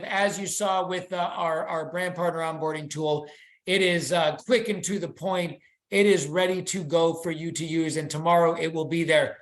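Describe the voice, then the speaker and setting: Hyped up company update guy or gal, salesy, sounds like a video call in an echoey room. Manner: enthusiastic, excitable sales pitch. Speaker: company presenter. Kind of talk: weekly company update presentation.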